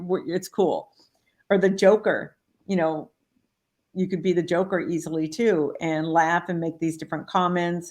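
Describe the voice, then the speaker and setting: Animated woman life coach telling stories. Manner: animated, acts out quoted voices with big pitch jumps; many fillers like "you know". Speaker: life coach and author, podcast guest. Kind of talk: casual interview storytelling.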